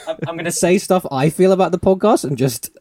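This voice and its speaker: A man's voice: high voice, fast talker, a crowd in the background. A man co-hosting a casual podcast, chatty and rambling, laughing often as he talks. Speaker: podcast co-host. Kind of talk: casual chat.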